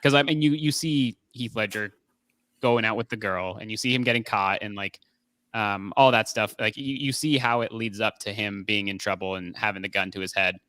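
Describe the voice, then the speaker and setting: A man's voice: on the low side, moderate pace, sharp tone, no echo. Rambling male podcast co-host. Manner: rambling, many fillers and restarts. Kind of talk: casual movie review chat.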